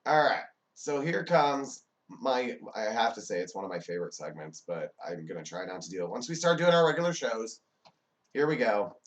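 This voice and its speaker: A man hosting a comedy show, reading funny text messages aloud and breaking in with loud, exasperated corrections. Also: lowish voice, sing-song, normal speed, far from the mic. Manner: reads texts aloud, then jumps in with loud, exasperated corrections. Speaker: host.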